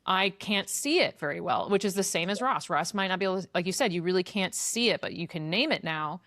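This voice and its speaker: A woman's voice: on the low side, animated, brisk, fairly bright tone, no room sound, studio quality. A woman hosting a podcast, talking through ideas in a reflective, casual way with many fillers. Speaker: podcast host. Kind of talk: casual conversation.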